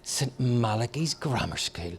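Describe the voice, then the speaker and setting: Man doing a warm-hearted female teacher, Northern Irish accent, cooing, lively rises and falls. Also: medium pitch, measured pace, breathy edge. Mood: proud. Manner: cooing, proud. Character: fond, sweet-talking woman primary teacher.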